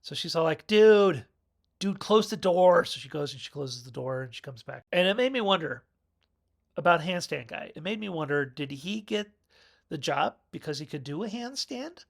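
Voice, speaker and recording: A man's voice: fairly high pitch, animated, normal speed, creaky, a bit bright. A man rambling through a casual, jokey film review on his own video channel.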